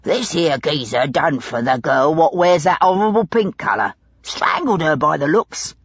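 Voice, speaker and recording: Casting: woman doing a hulking rough man, husky and low, muffled audiobook sound. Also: expressive, moderate pace, no echo, heavily acted. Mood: savage. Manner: rough, belligerent, coarse slang. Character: burly gruff male London lodging-house man.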